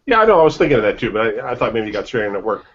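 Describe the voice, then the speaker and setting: A young man cohosting a podcast teases and argues with his co-host, and his pitch swings a lot. His manner is easygoing but combative. The sound is dull and lo-fi. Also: sing-song, racing, a bit bright, slightly rough. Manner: teasing, argumentative. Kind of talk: casual banter.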